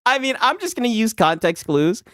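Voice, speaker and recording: A man's voice: high voice, bright, forceful tone. A man hosting a casual podcast chat, teasing his co-host, laughing often and tagging his sentences with "right?".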